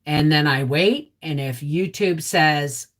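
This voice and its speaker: Slow and low-voiced, a middle-aged woman runs a casual homestead live stream. She's chatty, reads viewer names aloud, and becomes emotional as she talks with her audience.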